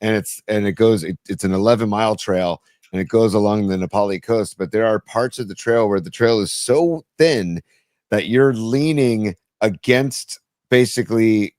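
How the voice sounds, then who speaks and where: A man's voice: lowish voice, a little mellow, no room sound, clean studio sound. A man co-hosting a podcast, talking casually in a rambling way with many restarts. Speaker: podcast co-host. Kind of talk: casual chat.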